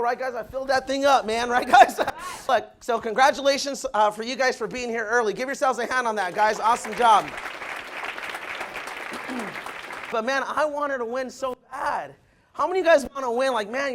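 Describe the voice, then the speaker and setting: High-voiced, fired-up young man. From Southern California. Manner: excited, storytelling, keeps asking the room "right, guys?". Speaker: motivational speaker at a recruiting meeting. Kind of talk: motivational talk to a live room. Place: meeting room with audience.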